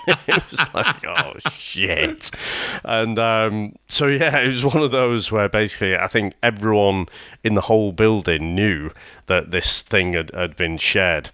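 A man's voice: fairly low pitch, slow pace, bright, forceful tone, dry recording, clean studio sound. A man in casual chat, telling a rambling story with swearing and frequent laughter. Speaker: podcast co-host.

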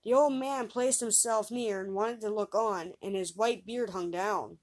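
Woman, storyteller, reading a fairy tale aloud, livelier on the characters' lines. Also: a little slow. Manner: lively reader raising pitch and volume for quoted voices.

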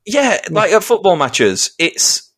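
A man with an English accent, co-hosting a casual podcast chat and telling sweary stories with acted-out shouts. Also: sits high, sing-song, takes it slowly, slightly rough. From England. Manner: sweary storytelling, acting out shouted quotes. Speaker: podcast co-host.

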